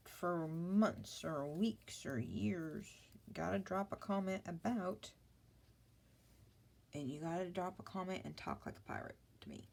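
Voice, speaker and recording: Low-voiced, rambling woman. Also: measured pace, gravelly, darkish tone. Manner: rambling, apologetic, self-mocking asides. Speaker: papercraft vlogger. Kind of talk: casual crafting vlog chat.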